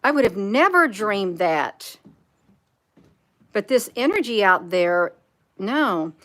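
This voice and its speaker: This spiritual vlogger has a mid-range, slightly bright voice that moves slowly with big pitch swings. Earnest and repetitive on her live stream, she reads chat comments aloud as she goes.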